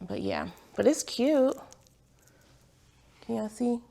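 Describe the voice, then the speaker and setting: A woman's voice: fairly high pitch, huge pitch swings, slow, gravelly, mellow. A woman vlogger chatting casually at home while unboxing packages, rambling and laughing at herself, with a lilt. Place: home, on the couch.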